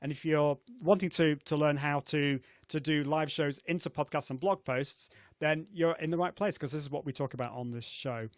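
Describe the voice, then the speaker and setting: On his live video show, a middle-aged man talks casually at a moderate pace with few pauses, his voice on the high side with fairly even intonation. Chatty and prone to laughing, he uses many fillers and restarts, and the video call audio is clean studio sound with no echo.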